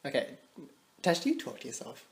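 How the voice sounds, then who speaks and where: A young man, co-hosting a podcast, telling funny stories with lots of laughter and acted-out dialogue. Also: brisk. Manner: animated, laughs often, acts out quoted dialogue. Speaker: podcast co-host. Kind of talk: casual storytelling. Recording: echoey room with faint noise.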